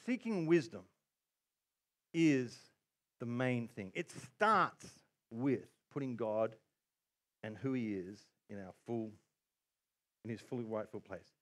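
Animated male preacher with a lively voice. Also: medium pitch, slow, pauses often. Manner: animated preaching with acted-out quotes. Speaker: pastor. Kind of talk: sermon.

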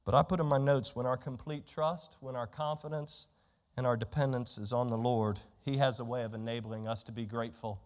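A man's voice: mid-range voice, steady tone, fairly quick. A man preaching a sermon as pastor, emphatic, reading scripture aloud in a church. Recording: long hall reverb.

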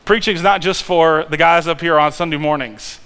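A male pastor preaching a sermon in a conversational, animated way, with restarts and sudden loud peaks. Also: fairly high pitch, fairly quick, smooth. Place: church sanctuary. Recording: long hall reverb.

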